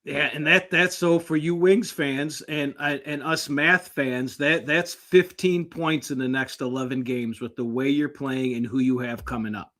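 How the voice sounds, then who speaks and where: A man co-hosting a sports talk show, blunt and quick, swearing as he makes his points. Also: mid-range voice, fairly even intonation, a bit bright. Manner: blunt, swears, rapid-fire.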